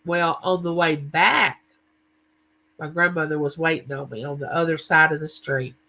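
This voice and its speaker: Male livestream host, bright and forceful, loose chatty storyteller who greets his chat. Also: on the high side, steady tone, normal speed, rough recording. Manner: chatty, tells stories and greets viewers by name.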